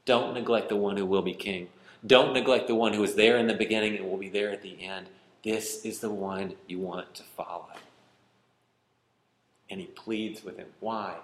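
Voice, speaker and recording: A male pastor preaching a sermon, pleading and emphatic, swinging from loud, high emphasis to quiet, low asides. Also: fairly even intonation, moderate pace, reverberant, a little hiss or hum. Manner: pleading, rising to emphatic then dropping quiet.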